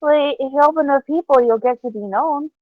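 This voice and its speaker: A woman's voice: sits high, brisk, dry recording, narrow, tinny audio, lightly acted. A woman voicing a drunk, friendly woman who talks like a seventies hippie, rambling and slurring during a tabletop role-play game. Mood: tipsy, earnest.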